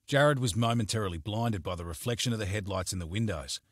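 A man narrating a crime novel as an audiobook in a steady, measured storytelling manner, recorded on a close studio mic. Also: fairly low pitch, no echo.

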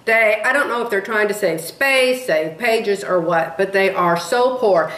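A woman's voice: medium pitch, unhurried, fairly bright tone. A woman in her sixties telling rambling stories in a casual vlog, chatty and drifting off topic, laughing at herself. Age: 60s. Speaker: beading vlogger. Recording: echoey room.

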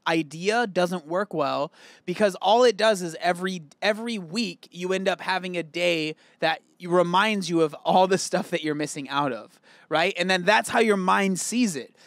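A man's voice: sits high, moderate pace, a bit bright, no room sound. A man casually reacting to a video, candid and chatty, thinking aloud as he comments. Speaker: reaction host.

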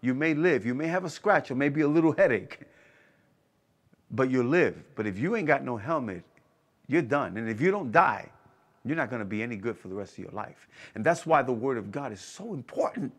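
A man's voice: medium pitch, expressive, fairly quick. A man preaching a sermon with emphasis, repeating key phrases and asking the listeners whether they are hearing him. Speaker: pastor.

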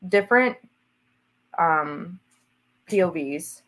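A woman's voice: on the low side, expressive, takes it slowly, a bit bright. A woman author chatting as an interview guest, talking with gushing enthusiasm about books she loves. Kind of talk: casual interview chat.

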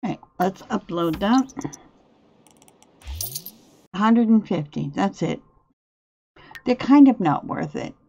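A woman's voice: medium pitch, slow, vocal fry, long pauses, highs cut off. A woman giving casual gameplay commentary, thinking aloud about her choices as she plays. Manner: relaxed, thinks aloud while playing. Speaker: gameplay video host. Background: faint game music.

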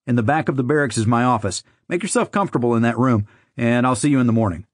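A tough army drill sergeant snaps out brisk, quick orders, as a man narrator does his voice. The sound is dry and close-miked. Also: mid-range voice, no echo, natural voice.

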